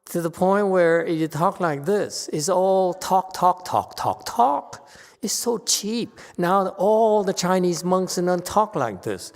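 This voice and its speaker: A man's voice: animated, slow pace, hardly any pauses, darkish tone. Challenging male Buddhist teacher, echoing hall. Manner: challenging, with pointed rhetorical questions; sudden rises in pitch and force when stressing a point. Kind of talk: Dharma lecture.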